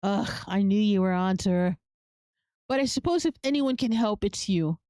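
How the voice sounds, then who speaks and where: A woman voicing a composed young man who answers politely and calmly. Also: medium pitch, moderate pace, clear, resonant tone, dry recording, studio quality, pitched below the performer's own voice, close to an everyday voice.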